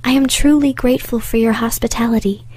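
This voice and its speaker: Fearful fairy-tale merchant, a father, gentle and pleading, warm mellow tone, woman reading. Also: a little high, normal speed, natural voice. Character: frightened pleading middle-aged merchant, a father.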